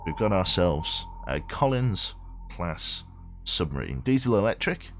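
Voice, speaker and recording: A man's voice: low voice, sing-song, a little slow, faint music behind. A man streaming a game in a rambling, chatty way, reading game text aloud and swearing offhand. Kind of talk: casual live game commentary.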